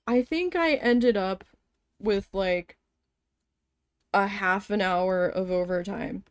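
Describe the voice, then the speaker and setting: A woman's voice: mid-range voice, slow, clear, resonant tone, dry recording. Woman venting in a casual storytime. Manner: venting, animated, swears, acts out quoted voices. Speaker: vlogger. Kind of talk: casual storytime while embroidering.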